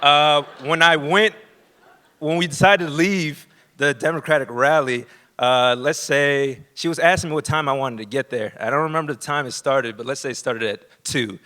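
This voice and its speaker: A man from Florida telling a true personal story on a theater stage, nervous and halting with many fillers. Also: a little high, bright, forceful tone, clear, resonant tone. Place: theater stage before a live audience.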